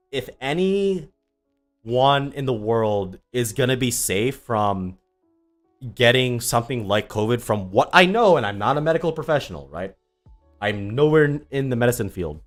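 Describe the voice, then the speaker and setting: A young man chatting casually on a livestream, sarcastic and rambling with lots of ums, answering viewers. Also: mid-range voice. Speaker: tennis YouTuber streaming live.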